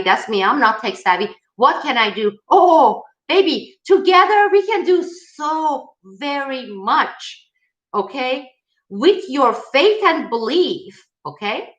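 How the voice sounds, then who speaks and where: A woman's voice: medium pitch, sharp tone, reverberant, poor audio. A woman hosting a political channel, answering viewer questions in an emphatic, rallying way. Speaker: host of a political video channel. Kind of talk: live-style viewer Q&A.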